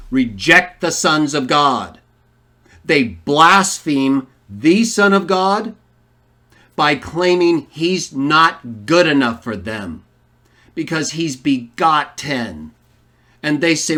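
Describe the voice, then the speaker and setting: Slow, emphatic man teaching scripture. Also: on the high side, big pitch swings, sharp tone. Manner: emphatic, argumentative, rhetorical questions. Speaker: online Bible teacher. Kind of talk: polemical Bible teaching.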